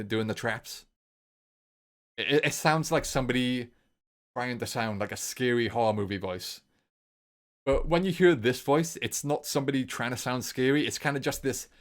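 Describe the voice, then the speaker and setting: A man giving a long, rambling solo film review, informal and enthusiastic, circling back to repeat his points over and over. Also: mid-range voice.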